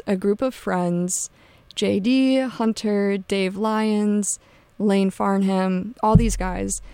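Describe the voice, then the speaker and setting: A woman's voice: mid-range voice, gravelly, warm tone, clear, resonant tone, no echo. A young woman hosting a college radio show, talking loosely and casually with lots of fillers. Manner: chatty, loose, many fillers and "like"s. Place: radio studio.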